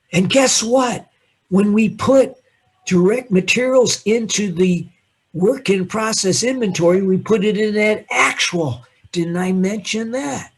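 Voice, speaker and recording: Husky-voiced male accounting lecturer. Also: high voice. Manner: animated, teasing, quizzes students by name. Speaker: accounting instructor. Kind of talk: classroom lecture with questions to students. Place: classroom.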